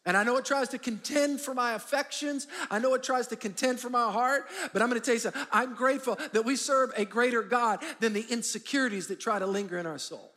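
A man pastor preaching a sermon with lively call-and-response, prompting the congregation to repeat key words. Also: very high-pitched, fast, few pauses. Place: large church auditorium. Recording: long hall reverb.

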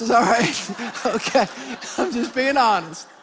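A middle-aged male pastor preaching a sermon, telling a funny story with lively asides to the congregation. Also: very high voice, unhurried, a little hiss or hum. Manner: animated, humorous storytelling with voiced asides to the congregation. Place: church sanctuary. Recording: church hall with long reverb.

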